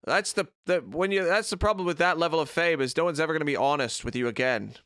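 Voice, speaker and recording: High-voiced man ranting casually. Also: quick pace, a bit bright, smooth, no echo, studio quality. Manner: opinionated, profane ranting. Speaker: podcast co-host. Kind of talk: casual chat. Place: remote recording.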